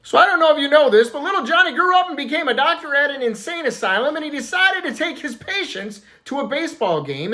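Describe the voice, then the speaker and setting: A man telling a string of jokes in a casual, animated way, jumping up in pitch for the punchlines. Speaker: joke teller.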